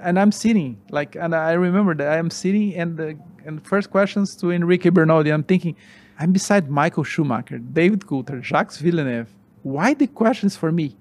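A man in his forties recounts a race in animated but halting English, full of restarts. His voice sits a bit higher than most men's. He is a guest telling stories in an interview. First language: Portuguese. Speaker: former racing driver, guest. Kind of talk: interview storytelling.

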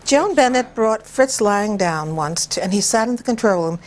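An older woman, a television director, reminiscing in an interview with unhurried, anecdotal storytelling and frequent chuckles. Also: medium pitch, animated.

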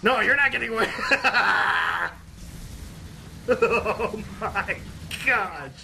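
A man recording let's play commentary as a gaming video host, excitable and exclaiming and laughing often. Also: high-pitched, drawn-out words, gravelly, soft background music.

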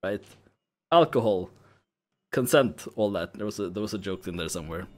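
A man streaming a game who jokes and swears loudly as he plays. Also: deep voice, normal speed, pauses often. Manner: jokey, swears a lot, lively. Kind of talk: casual game commentary.

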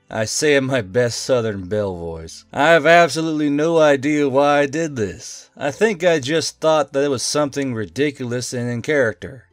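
A male text-to-speech voice reading a tabletop game story in an even, unhurried way. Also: medium pitch, dry recording. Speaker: narrator. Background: faint music.

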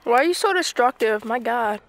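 A woman's voice: a little high, animated, a little fast, gravelly. A woman filming on a forest trail with a handheld camera, chatting casually and giggling often. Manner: giggly, teasing. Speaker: camera person. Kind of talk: casual chat while hiking and filming.

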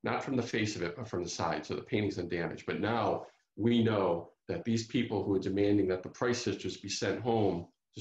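Low-pitched and a little dark in tone, this man's voice comes across roomy and lo-fi over a computer microphone on a video call. At an author talk, he narrates a true crime story, stumbling through many fillers and restarts.

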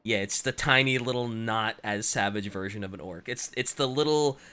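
Casting: male podcast host, chatty and reactive, bright forward tone. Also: on the low side, clear, resonant tone. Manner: chatty, reacts with quick exclamations. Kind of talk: casual podcast chat.

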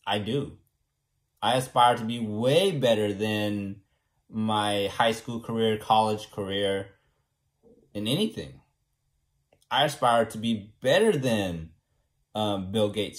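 Young guy from california, low-ish voice, rambles on confidently, keeps going "right?". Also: slow. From California, USA. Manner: rambling and self-assured, keeps asking "right?". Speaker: vlogger. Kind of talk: casual monologue to camera.

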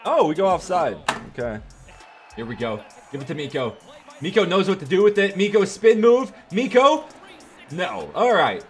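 Hyped young man yelling over gameplay. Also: sits high, big pitch swings, moderate pace. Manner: hyped, yelling at big plays, swearing jokingly. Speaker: gaming YouTuber. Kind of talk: excited gameplay commentary. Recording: faint music behind.

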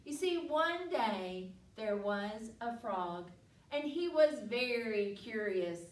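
A woman's voice: a little high, animated, slow pace. A woman hosting a library story time, reading aloud to children with playful animal sounds. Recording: echoey room, mic far off.

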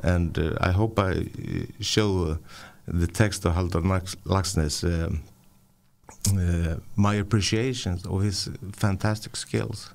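A deep man with a gravelly edge, talking in a halting way with lots of fillers and restarts. He has a cold and it comes through in his voice. It's a casual radio studio chat. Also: steady tone. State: voice affected by a cold. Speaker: radio producer.

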